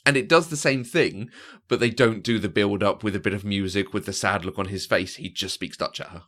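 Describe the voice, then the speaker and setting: Brief: podcast co-host, man with a lowish voice, lively, does little voices when retelling scenes. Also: brisk. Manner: animated, often acting out quoted lines. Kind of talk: casual chat about films.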